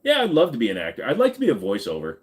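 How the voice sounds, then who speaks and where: A man in his forties talks loosely on a long live stream, worn out but still joking and reading comments from chat. His voice sits at a plain middle pitch, and he swears freely as he rambles. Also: huge pitch swings, very fast. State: tired after hours of streaming.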